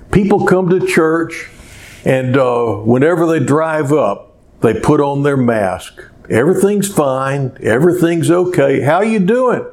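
Slow-spoken man preaching a sermon. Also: medium pitch, a little mellow. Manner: slow, measured preaching with rising emphasis. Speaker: pastor. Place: small church.

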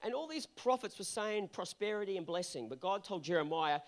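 A man's voice: high-pitched, expressive, fairly quick, few pauses. A male pastor delivering an earnest sermon that builds to emphatic peaks.

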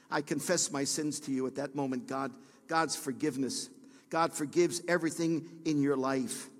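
A middle-aged man preaching a sermon to his congregation, swinging from hushed, low passages to loud, high, shouted peaks. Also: steady tone, normal speed, in a large hall. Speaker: pastor. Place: church sanctuary.

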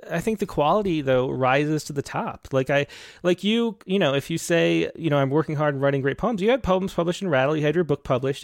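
A man's voice: fairly high pitch, dry recording. Hesitant man hosting with a dry sound. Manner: hesitant, restarts often, earnest. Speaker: podcast host. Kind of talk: casual conversation.

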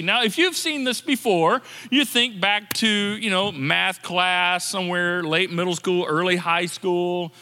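High, bright-voiced male pastor preaching. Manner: conversational, repeats words for emphasis. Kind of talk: sermon. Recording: long reverb of a large hall.

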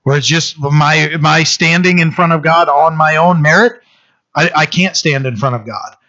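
A man's voice: on the high side, moderate pace, pushed and bright, highs cut off. A man preaching a sermon as a pastor, in a conversational way with frequent restarts and fillers.

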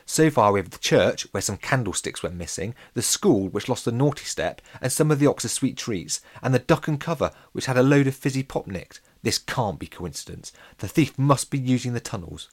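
A man reading aloud, voicing a curious schoolboy who gives brisk, decisive orders to his friends. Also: medium pitch, expressive, voice pushed up. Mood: eager.

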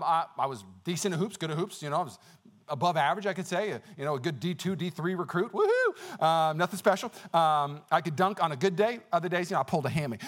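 A male pastor preaching a sermon, telling personal stories with energetic exclamations and a conversational, filler-heavy delivery. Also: on the high side. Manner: conversational with many fillers and restarts.

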